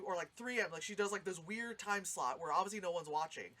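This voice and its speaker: A woman's voice: mid-range voice, fast, hardly any pauses, slight background noise. A woman giving a casual, rambling spoken movie review, swearing freely and acting out lines. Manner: rambling, animated, swears freely, acts out quotes.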